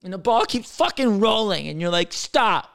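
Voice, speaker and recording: A man in his thirties, a comedian hosting a podcast, rambling casually with lots of swearing and jokes, swinging from loud to mumbled. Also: high voice, lively intonation, brisk, creaky, clear, resonant tone. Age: 30s. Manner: profane, jokey, rambling, jumping between loud and mumbled.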